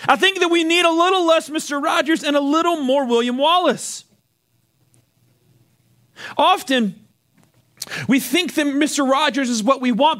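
A male pastor preaching a sermon, lively and animated, often repeating words as he restarts. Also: very high voice.

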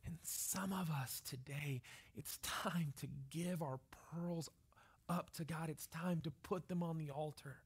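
Male pastor, 30s, sermon; quiet storytelling that swells into emphatic preaching, tenor register. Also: fairly high pitch, steady tone, unhurried, husky.

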